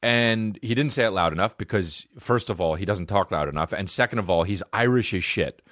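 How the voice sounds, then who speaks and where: A man in his thirties hosting a comedy podcast, ranting in a profane, animated way. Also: on the low side, a little fast, no echo, clean studio sound. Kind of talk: casual comedic rant.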